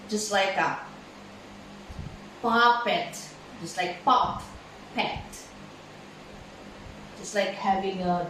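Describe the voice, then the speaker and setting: Slow woman teacher in an echoey room. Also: mid-range voice, recorded from a distance, slight background noise. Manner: slow, halting, many fillers and repeated words. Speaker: English pronunciation teacher. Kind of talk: slow classroom lesson.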